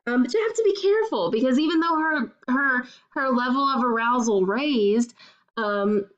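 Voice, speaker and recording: A woman's voice: high-pitched, animated, normal speed, a bit bright, highs cut off. A woman student giving a recorded class presentation, telling a story casually with filler words.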